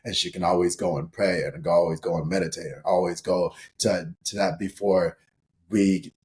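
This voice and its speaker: Middle-aged man from St. Paul, low voice, loose and rambling storyteller, guest on a chat podcast. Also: fairly even intonation, normal speed, a little mellow. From St. Paul, Minnesota, USA. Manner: rambling, full of "you know" and restarts, laughs as he tells stories. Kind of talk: casual interview storytelling.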